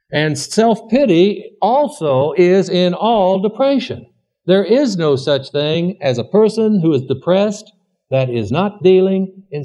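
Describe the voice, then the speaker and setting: A man's voice: on the high side, dark tone. A man giving an earnest, plainspoken sermon-style teaching, asking rhetorical questions as he goes. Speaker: preacher. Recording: dull lo-fi recording.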